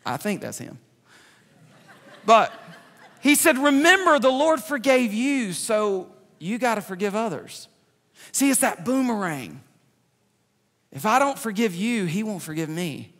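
High, excitable preacher in a hall. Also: male voice, a little slow. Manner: animated, jokey preaching with loud outbursts. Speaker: pastor. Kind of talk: sermon. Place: large church sanctuary. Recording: reverberant church hall.

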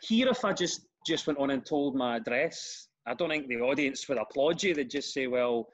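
A middle-aged Glaswegian man, a comedian and radio host, chatting as a podcast guest and telling animated stories with lots of restarts. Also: medium pitch, moderate pace. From Scotland. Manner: animated storyteller, repeats words when starting sentences. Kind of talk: casual interview chat.

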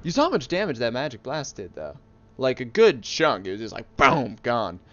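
A man's voice: medium pitch, moderate pace, dry recording, highs cut off. A man giving casual, jokey commentary while playing a video game, often talking to the enemies. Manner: excitable, jokey, talks to the enemies. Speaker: gaming video host. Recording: loud game music behind.

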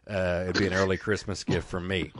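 A man's voice: deep voice, level tone, fairly quick, a little hiss or hum. A man hosting a fishing podcast, chatting casually and joking, with lots of fillers, and reading sponsor plugs. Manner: joking, rambling, many "uh" fillers. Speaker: podcast host. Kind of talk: casual podcast chat with ad reads.

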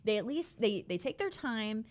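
A woman's voice: on the high side, sing-song, normal speed. A woman co-hosting a livestream, talking chattily about best-selling games with frequent fillers. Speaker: co-host. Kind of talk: livestream product rundown.

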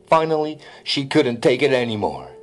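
Male storybook narrator, expressive, with faint music behind. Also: mid-range voice, normal speed.

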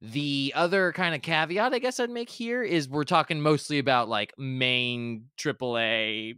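A man with a bright, forward voice co-hosts a podcast in loose, rambling chat. He backtracks and corrects himself often but stays eager. The sound is close and dry. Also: on the high side, a little slow, clean tone, no echo. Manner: rambling, self-correcting, enthusiastic. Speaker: podcast co-host. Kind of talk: casual chat.

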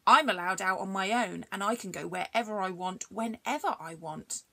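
A woman's voice: medium pitch, moderate pace, vocal fry, sharp tone. A woman voicing a playful, talkative young male cat in a storybook reading. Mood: chatty. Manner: giggly, talkative, explaining.

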